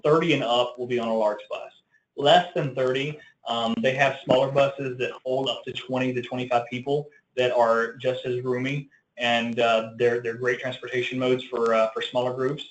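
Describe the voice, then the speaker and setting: A man with a Southern American accent talks through a webinar answer at a middling pitch. He explains patiently, with ums and small restarts, and his voice rings in a roomy, echoey space. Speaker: tourism marketing presenter.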